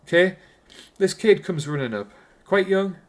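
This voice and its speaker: A man's voice: high-pitched, expressive, a little slow. A man with a Geordie accent giving a casual, rambling film review, swearing constantly and restarting his sentences.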